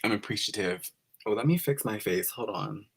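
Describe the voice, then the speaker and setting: A man's voice: lowish voice, moderate pace, vocal fry, slight background noise. A man hosting a live stream, gushing and giggling as he greets viewers by name, emotional and close to tears.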